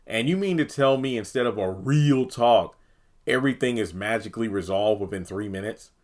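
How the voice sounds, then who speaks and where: A man's voice: on the low side, expressive, moderate pace, darkish tone. A man hosting his own TV review channel, talking casually and with exasperation, rambling and sometimes acting out characters' lines. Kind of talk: casual solo review talk.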